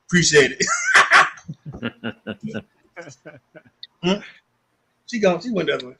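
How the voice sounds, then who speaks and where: Animated high-voiced male podcast host. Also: slow, creaky, pauses often, breathy edge. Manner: animated storyteller, acts out voices, laughs often. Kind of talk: casual sports chat.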